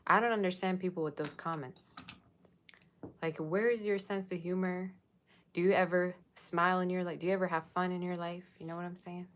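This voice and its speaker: A woman with a low voice chats casually on a tarot livestream, reading out viewer comments and answering them one by one. A faint hiss of noise sits under her voice. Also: fairly even intonation, brisk. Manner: chatty, reads viewer comments aloud. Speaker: tarot reader.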